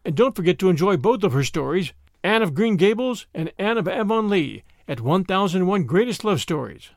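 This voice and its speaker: A man narrating a classic short story as a podcast host, in expressive, measured storytelling. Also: sits high, dry recording, studio quality.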